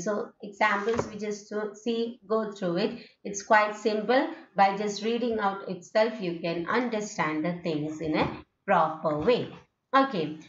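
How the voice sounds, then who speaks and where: Reading examples aloud and peppering her explanation with "okay," a woman teaches a lesson on English intonation. Her voice is mid-range and a touch bright. Echo fills the room, and the recording sounds dull and lo-fi.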